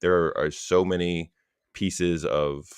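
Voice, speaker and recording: Deep-voiced sincere man. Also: slow, clean tone, no room sound, clean studio sound. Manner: sincere and encouraging, steady delivery. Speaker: podcast co-host. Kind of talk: casual podcast talk.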